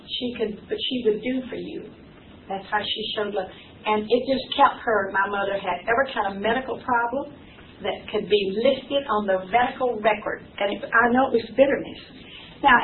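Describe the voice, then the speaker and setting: An older woman giving an earnest, emphatic church teaching talk, folksy and repeating key phrases for effect. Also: mid-range voice. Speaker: speaker teaching ministry wives. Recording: distant, phone-like, faint hiss.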